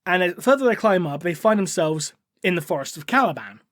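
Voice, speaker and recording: A man's voice: high voice, lively intonation, a little fast, a bit bright, no room sound. A man on a podcast retelling a novel in a casual, rambling way with fillers and swearing, close on the mic. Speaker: podcast host.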